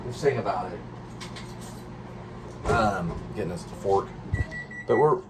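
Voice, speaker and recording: A man's voice: fairly low pitch, lively intonation, slow, noisy background. A man hosting a casual home vlog, rambling and reflective, often circling back to correct himself. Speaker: vlog host.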